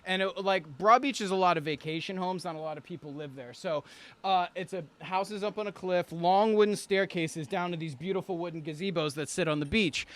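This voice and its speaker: A man's voice: high voice, a little fast. A young man telling a wild story with lots of swearing, acting out the quotes and laughing as he goes. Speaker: guest storyteller, singer and producer. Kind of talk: animated anecdote telling.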